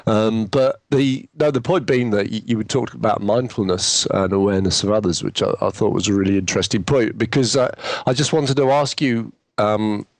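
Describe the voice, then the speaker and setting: A middle-aged man with a fairly low voice asks long, meandering questions on a casual podcast. He hesitates, filling gaps with ums and false starts. His voice sounds dry and close to the mic. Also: fairly even intonation, brisk, vocal fry, few pauses, no room sound. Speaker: podcast co-host. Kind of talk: casual chat.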